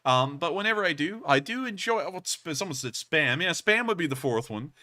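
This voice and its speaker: A man's voice: on the high side, a little fast. A man hosting a livestream, chatting casually and rambling as he answers donations. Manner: rambling, lively, frequent fillers and restarts. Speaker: livestream show host.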